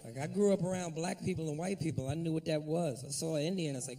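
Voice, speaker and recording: A man doing a profane, animated stand-up routine, talking straight to the crowd at a comedy club. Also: a little high, fast talker, few pauses, distant mic.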